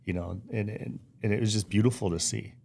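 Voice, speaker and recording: A middle-aged man with a low-pitched voice gives a heartfelt interview. His tone is warm and mellow. He talks earnestly, slightly teary, and often stops and restarts his sentences. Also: fairly quick, gravelly. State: teary-eyed. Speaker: podcast guest. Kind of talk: emotional interview.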